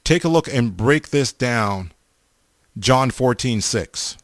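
A man's voice: mid-range voice, animated, slow, no room sound, studio quality. A man preaching a sermon, blunt and emphatic, stammering over restarts and repeating himself for stress.

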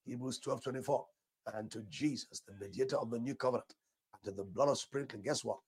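Husky older preacher praying fervently. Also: male voice, medium pitch, fairly quick. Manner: repeats short declarations, breaks into speaking in tongues. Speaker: pastor. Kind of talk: fervent sermon and prayer.

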